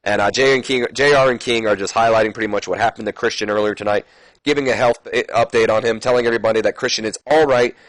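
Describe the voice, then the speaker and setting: A man's voice: lowish voice, steady tone, fast, no echo. A man casually narrating a simulation game, rambling with fillers and correcting his own slips. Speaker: let's play commentator.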